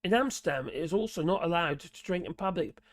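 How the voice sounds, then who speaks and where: A man with a Norfolk accent and a hoarse, gravelly voice, chatting casually on a live stream and reading out viewer comments in a rambling, muttering way. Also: a little high, lively intonation, brisk, no echo, clean studio sound. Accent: Norfolk English. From Norfolk, England. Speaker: livestream host reading chat.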